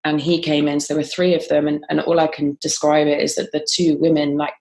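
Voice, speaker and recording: A woman's voice: low-pitched, flat delivery, fairly quick, vocal fry, darkish tone. A woman telling a personal story in an interview, with frequent ums and restarts. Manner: frequent ums and restarts, quoting others as she tells it. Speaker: guest.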